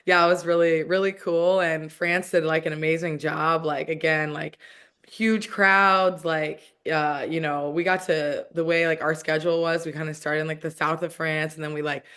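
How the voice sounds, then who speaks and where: A woman in her thirties speaks as a guest in a relaxed interview. Her speech is chatty and loose, full of "like" and half-finished phrases that she starts over. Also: deep voice, moderate pace, clean tone. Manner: chatty, heavy use of "like", frequent restarts. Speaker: guest, professional soccer player. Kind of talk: casual interview conversation.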